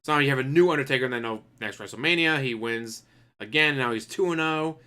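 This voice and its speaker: A man streaming, ranting in a loose, profane way with a bright, forward tone. He breaks off to act out what people might say in put-on voices, his pitch sitting in an ordinary middle range. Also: fast talker, clear, resonant tone. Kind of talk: casual ranting commentary.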